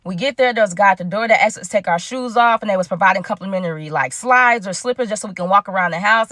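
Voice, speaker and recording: A woman telling a personal story to her viewers in a lively, casual, slangy way. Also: medium pitch, very fast, few pauses, no room sound, studio quality. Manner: animated, slangy, addresses viewers as y'all.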